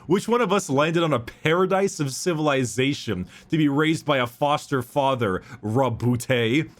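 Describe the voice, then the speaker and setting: A man's voice: medium pitch, lively intonation, moderate pace, close to an everyday voice. A man reading as a bitter, scornful warlord. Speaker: reading a dramatic quote.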